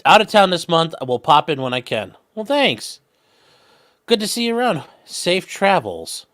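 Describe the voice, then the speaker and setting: A man hosting a livestream, reading viewer super chats aloud in a quick, offhand way. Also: a little high, sing-song, a bit bright. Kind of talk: casual livestream chat.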